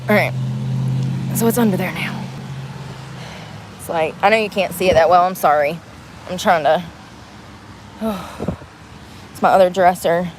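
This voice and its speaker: A woman's voice: lowish voice, a little slow, long pauses, slight background noise, low-quality recording. A woman chatting on a livestream around a car, rambling, giggling and cursing, breathless from effort. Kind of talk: casual livestream chat.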